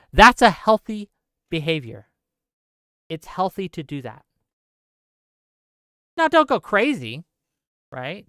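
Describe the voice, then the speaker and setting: A man's voice: high voice, a bit bright, dry recording, studio quality. A man hosting a political commentary livestream. He talks in an impassioned way, repeats himself for emphasis and keeps checking in with listeners by asking "right?". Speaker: livestream host.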